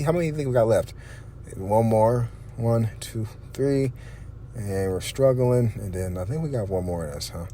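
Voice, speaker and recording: A man's voice: on the low side, a little mellow, a little hiss or hum. A man vlogging his workout and meals, talking in a blunt, profane, chatty way that drifts onto tangents. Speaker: fitness vlogger. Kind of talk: casual workout vlog talk.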